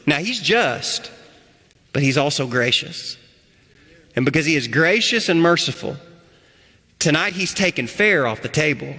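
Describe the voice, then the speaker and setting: A male pastor preaching a sermon, his voice swinging from loud to hushed. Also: medium pitch. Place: church sanctuary. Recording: echoey church hall.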